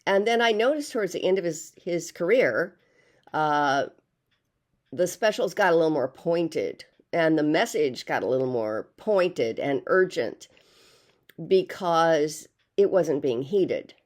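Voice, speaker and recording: A woman's voice: low-pitched, expressive, unhurried. An older woman vlogging in a casual monologue, rambling and hesitant with many fillers.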